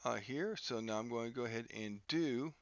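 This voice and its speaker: A man teaching a software lesson over a screen recording, talking haltingly with many fillers and restarts. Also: medium pitch, no echo, muffled recording. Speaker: instructor.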